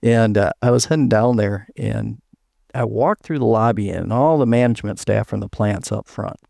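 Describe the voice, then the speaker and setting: Older male guest, gravelly storyteller, dry close recording. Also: fairly low pitch, moderate pace, mellow, no room sound. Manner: rambling anecdotes with restarts and laughs. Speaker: guest, retired chief engineer. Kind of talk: storytelling interview.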